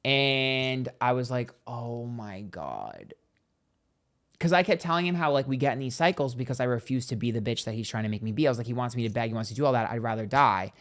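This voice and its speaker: A man's voice: mid-range voice, fairly even intonation, quick pace, hardly any pauses, fairly bright tone. A man hosting a live stream, telling a gossipy story in casual chat, acting out what others said and thanking viewers for donations. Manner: chatty and gossipy, acts out quotes, reads donations aloud. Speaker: psychic tarot livestream host.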